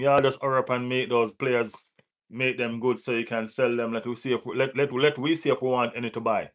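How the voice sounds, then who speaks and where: A man with a West Indian accent hosting a live football watch-along, giving shout-outs to viewers in the chat, laughing and teasing rival fans. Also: medium pitch, steady tone, a little fast. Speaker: football channel host.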